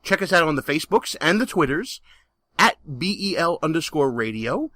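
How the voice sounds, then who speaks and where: A man's voice: on the high side, big pitch swings, moderate pace, sharp tone, no echo. Brash Brooklyn-accented male radio host. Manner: brash, jokey, plugs the show. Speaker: radio talk show host. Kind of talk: political radio talk.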